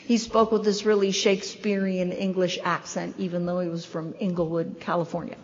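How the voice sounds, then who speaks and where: A woman's voice: on the low side, level tone, a little mellow. A woman in her fifties or older giving a wry, self-deprecating recovery share as a convention speaker at a podium microphone. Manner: wry, self-deprecating storytelling with quick asides. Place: large hall. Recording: dull, echoey hall recording.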